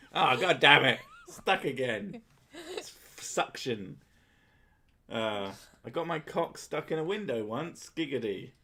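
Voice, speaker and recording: A man's voice: mid-range voice, sing-song, slow, pushed and bright. A man, co-hosting a crude, joking casual chat and laughing often. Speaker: podcast co-host.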